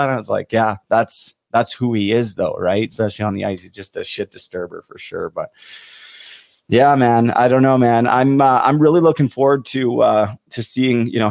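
Male host, relaxed and rambling, dry close mic. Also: lowish voice, creaky, no room sound. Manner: easygoing, rambling with fillers. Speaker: podcast host. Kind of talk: casual interview chat.

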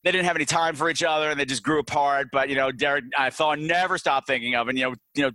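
A man co-hosting a casual movie review chat, animated, campy and joking. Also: a little high, fast, no echo. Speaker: podcast co-host.

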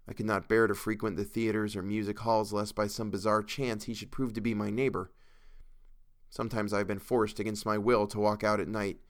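A man reading a first-person tale aloud in a measured, earnest storytelling manner. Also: fairly low pitch, fairly bright tone, clean tone, no room sound, studio quality. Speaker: audiobook reader. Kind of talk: first-person audiobook narration.

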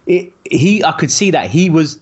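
A man talking on a casual podcast in an earnest, halting way. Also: on the high side, animated, a little mellow, breathy edge. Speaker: podcast co-host.

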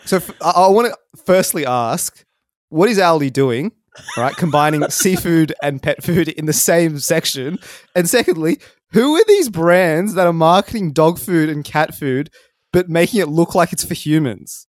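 A man's voice: on the high side, moderate pace, no room sound, studio quality. Chatty man telling a story. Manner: animated storytelling, laughing as he talks. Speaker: podcast co-host. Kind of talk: casual chat.

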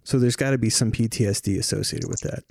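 Sympathetic man interviewer, low voice. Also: animated, fast, vocal fry, a little mellow, no echo, studio quality. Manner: sympathetic, casual. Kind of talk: podcast interview.

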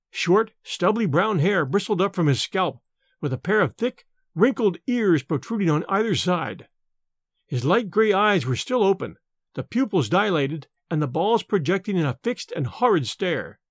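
A man reading an audiobook in a measured, expressive way. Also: sits high, no room sound, clean studio sound. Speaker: narrator. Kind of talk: audiobook narration.

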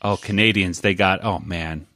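A man's voice: deep voice, moderate pace, pushed and bright, no echo, clean studio sound. A man hosting a podcast who rambles in casual chat with lots of fillers and chuckles. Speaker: podcast host.

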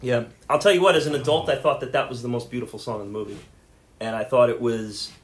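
A man's voice: medium pitch, fairly even intonation, fast. A man co-hosting a casual podcast about a movie, rambling and repeating words as he starts his sentences. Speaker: podcast co-host. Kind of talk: casual chat.

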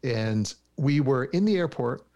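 A man guesting on a podcast, telling a story in casual chat with lively restarts. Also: medium pitch, unhurried, dull audio. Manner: animated storyteller, stumbling restarts.

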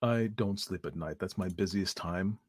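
A man voicing a strange wild teenage boy who speaks slowly and quietly, relishing his words with lazy menace. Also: low voice, no echo, studio quality.

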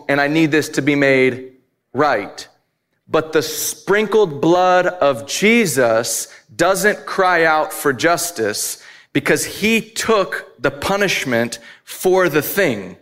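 Man preaching, fairly high voice, candid storytelling, emphatic peaks. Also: a bit bright. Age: adult, married. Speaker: pastor. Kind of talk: sermon.

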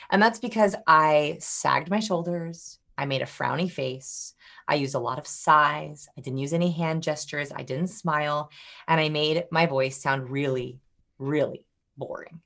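A woman guest on a podcast, explaining body language and acting out different vocal tones. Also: lowish voice. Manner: animated, demonstrates vocal tones. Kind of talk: podcast interview.

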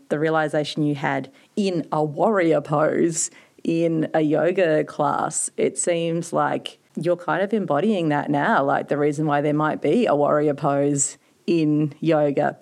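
Casting: female podcast host, calm and thoughtful, notably low voice for a woman. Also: gravelly. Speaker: podcast host, yoga teacher. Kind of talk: conversational interview questions.

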